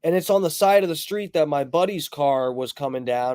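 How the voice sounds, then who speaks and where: A man's voice: fairly high pitch, expressive, fairly quick, darkish tone, clear, resonant tone, no room sound, studio quality. A man streaming, telling a long story in a rambling way, swearing constantly. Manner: rambling, heavily profane storytelling.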